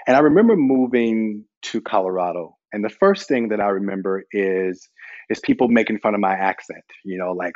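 A man's voice: lowish voice, moderate pace, no room sound, highs cut off. A man from the American South, speaking as a guest on a panel in a candid, emphatic, conversational way. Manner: candid, emphatic, conversational with frequent "you know".

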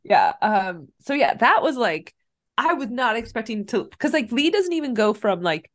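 A woman's voice: on the high side, normal speed. A woman co-hosting a podcast, casually recapping a film and acting out the characters' lines. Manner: animated, acts out characters' lines. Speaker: podcast co-host. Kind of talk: casual movie recap chat.

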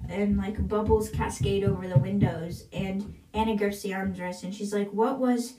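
A woman hosts a podcast and gives a casual, chatty recap of a book's chapters, often slipping into "she's like" quotes. Her medium-pitched voice is mellow, with little pitch movement and normal speed, and faint music plays behind her. The recording is roomy and echoey, with the mic set at a distance.

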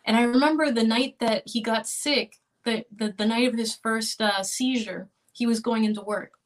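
A middle-aged woman recounting a hard personal story in an interview, earnest and halting, with restarts and small laughs. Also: fairly high pitch, steady tone. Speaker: interview guest.

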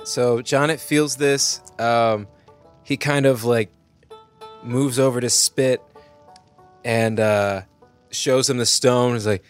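A man's voice: medium pitch, fairly even intonation, slow pace, pauses often, faint music behind. A man playing a tabletop game, describing his character's moves with many halts and fillers. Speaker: player.

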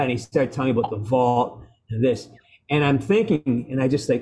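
A middle-aged man, a guest actor on a video call, telling stories with loud bursts, restarts and salty language. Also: mid-range voice, brisk.

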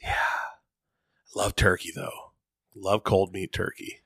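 Low-voiced young man, goofy podcast chat. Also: little pitch movement, takes it slowly, creaky, fairly bright tone, husky, dry recording, clean studio sound. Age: young adult. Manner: goofy, musing, laughs easily. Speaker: podcast co-host. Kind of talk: casual chat.

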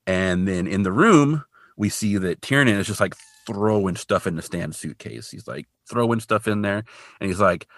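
A man co-hosting a podcast, recapping an episode in casual, animated storytelling full of "like". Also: on the low side, normal speed, no room sound, clean studio sound. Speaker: podcast co-host.

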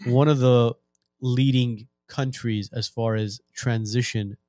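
A man hosting a podcast, telling a joke story in a relaxed, casual way. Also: medium pitch, takes it slowly, no echo, studio quality, soft background music. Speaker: podcast host.

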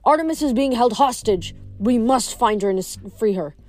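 A woman's voice: fairly high pitch, lively intonation, normal speed, a little mellow, soft background music, natural voice. A woman reading as a stern formal huntress girl. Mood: curt formal. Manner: formal, archaic, curt.

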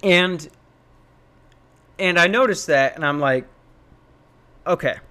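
A young man from Minnesota telling a story in an animated, self-mocking rant, swearing freely. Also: slow pace, clear, resonant tone. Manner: animated, self-mocking, swears, jumps into high voices when quoting.

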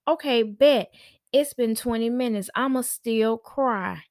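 A woman's voice: on the high side, slow, a little mellow, dry recording, studio quality. A woman voicing a cocky, stubborn baby who keeps crying to get picked up, talking in sassy slang. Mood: defiant.

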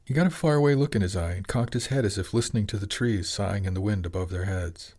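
A male audiobook narrator with a fairly low voice. He reads scripted narration at an even, measured pace. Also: husky.

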